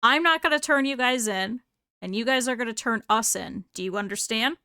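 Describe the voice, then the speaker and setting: A woman voicing an irritable man in charge who is gruff, exasperated and cornered. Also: on the high side, fairly quick, pushed and bright, no echo, studio quality. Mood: resigned. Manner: gruff, exasperated, turns panicky.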